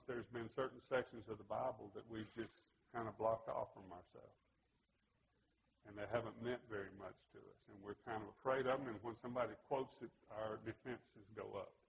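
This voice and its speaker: A man's voice: medium pitch, gravelly, slight background noise, poor audio. A man giving an earnest, conversational Bible lesson. He tells stories from his own life and acts out the remembered exchanges. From United States. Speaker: Bible teacher.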